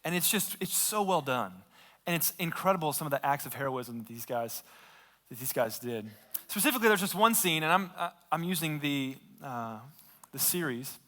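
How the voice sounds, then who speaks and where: A man's voice: fairly high pitch, animated, moderate pace, a bit bright. A man preaching a sermon as a pastor, retelling a story casually and with lots of fillers. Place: church sanctuary. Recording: long reverb of a large hall.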